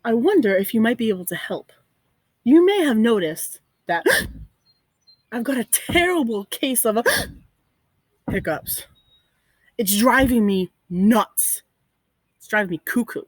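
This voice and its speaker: Hiccuping young penguin boy, fretful, gasps between words , voiced by a woman; slow, breathy. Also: a little high, big pitch swings, no echo, heavily acted. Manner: gasping hiccups mid-sentence. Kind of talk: read-aloud story voice for children.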